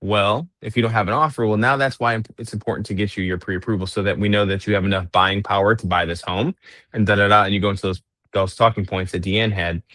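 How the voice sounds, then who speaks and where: Low-voiced man coaching agents. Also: fairly even intonation, fast talker, fairly bright tone, dry recording. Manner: instructive, acts out sample lines to clients. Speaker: real estate team coach. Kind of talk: coaching on a group call.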